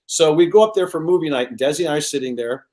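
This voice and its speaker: A man's voice: a little high, very fast. A man in his sixties, a show host, telling anecdotes in casual chat and slipping into other people's voices as he goes. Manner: animated storyteller who slips into other people's voices.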